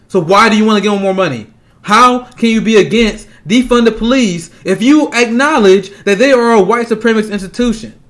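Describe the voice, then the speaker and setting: A political commentator delivers a heated, profane rant, angry, agitated and fast, laughing scornfully mid-sentence between points. His voice is high-pitched and a bit bright.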